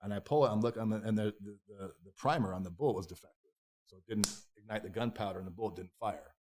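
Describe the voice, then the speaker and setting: A man's voice: fairly low pitch, quick pace, background noise. A man who is a podcast guest, telling a candid personal story in a raw, profane, emotional way. He stumbles through restarts and repeated words, and voices his own past inner thoughts as quoted self-talk.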